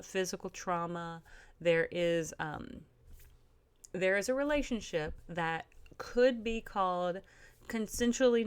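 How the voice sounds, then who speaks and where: A woman giving a casual spoken book review, earnest and careful, often pausing with um and restarting her sentences. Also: lowish voice, clean tone.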